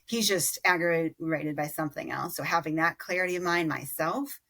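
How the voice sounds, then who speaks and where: A woman in her thirties, a parent guest on a podcast, talking reflectively in a halting, self-correcting way. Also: deep voice, sharp tone. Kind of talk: casual conversational interview.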